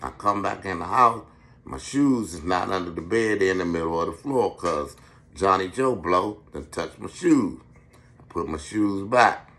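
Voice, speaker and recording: A middle-aged man from Washington, D.C. with a lowish voice holds forth as a podcast host. He tells street-wise stories bluntly and profanely, in a preachy tone. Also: moderate pace, fairly bright tone. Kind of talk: street-wise monologue storytelling.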